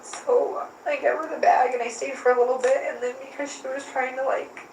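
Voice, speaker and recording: A woman's voice: sits high, level tone, fairly quick, a little mellow. A woman questioned by authorities, recounting events and retelling text exchanges in an interview room. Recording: echoey room, voice from far off, faint hiss.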